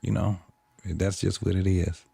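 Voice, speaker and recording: Male podcast host, low gravelly voice, laid-back and profane, dry close sound. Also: level tone, unhurried, mellow, dry recording. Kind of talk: casual chat.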